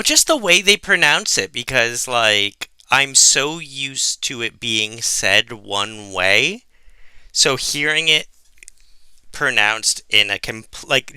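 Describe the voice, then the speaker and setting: A man co-hosting a podcast in casual chat, animated and laughing as he tells stories. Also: mid-range voice, smooth, no room sound. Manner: mimics voices in quoted anecdotes. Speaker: podcast co-host.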